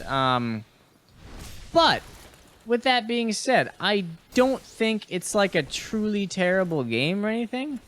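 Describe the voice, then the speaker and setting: Rambling young gamer host, slightly raised voice, loose swearing commentary. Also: male voice, sits high, fairly bright tone, smooth. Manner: rambling and chatty, with fillers and restarts; swears casually and talks to enemies on screen. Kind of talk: casual gaming podcast commentary while playing.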